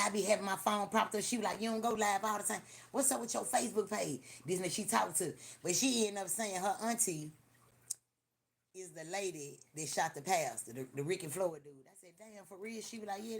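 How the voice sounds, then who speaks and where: A woman hosting a livestream, telling profane, animated stories in casual chat with lots of repetition. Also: mid-range voice, a little fast, gravelly. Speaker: livestream host. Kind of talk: casual storytelling to a live audience.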